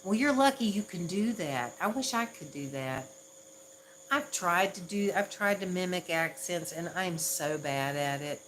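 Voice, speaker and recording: Give me a chatty Southern woman with a lively, low voice, chatting casually on a livestream, laughing at herself often, with a faint hum in the background. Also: measured pace, rough recording. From Southern United States. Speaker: ASMR livestream host.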